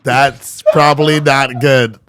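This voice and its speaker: A man guesting on a casual podcast, joking in slang and sometimes stretching his words out slowly for laughs. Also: mid-range voice, fairly even intonation, fairly bright tone, a little hiss or hum.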